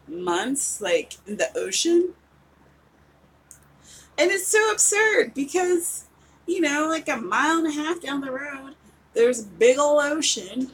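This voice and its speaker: A woman in her forties from West Virginia, an author, chats casually with viewers during a livestreamed writing session, giggling and rambling. Her voice is high-pitched, a bit bright with a breathy edge, and the audio quality is poor.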